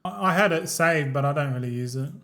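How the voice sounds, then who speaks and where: A man's voice: a little high, fast, bright, forceful tone. An Australian man in his thirties chatting casually while streaming a game, rambling and swearing freely with frequent laughs.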